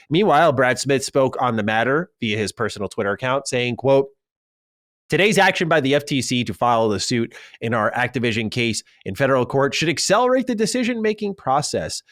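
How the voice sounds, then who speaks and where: Relaxed man reading gaming news. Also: medium pitch, no room sound, clean studio sound. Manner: reads news items with quotes, relaxed chat. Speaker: podcast host. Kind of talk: casual gaming news podcast.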